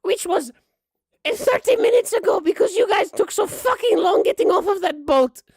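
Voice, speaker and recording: A woman voicing a bossy, cranky old grandmother who rules a small island port, talking in a loud, booming way in a tabletop game. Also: lively intonation, normal speed, vocal fry, dry recording, studio quality, full character voice. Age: older.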